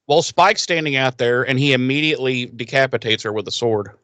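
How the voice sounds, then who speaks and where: A man's voice: medium pitch, a little fast, a bit bright, no echo. A man co-hosting a podcast, recapping a TV episode in a rambling, profane, joking way. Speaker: podcast co-host.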